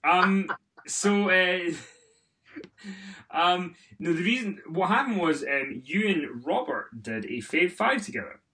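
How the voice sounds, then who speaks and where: A man's voice: high voice, expressive, slow, bright, forceful tone, far from the mic. A tired man co-hosting a podcast in casual banter, dry and teasing. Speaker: podcast co-host.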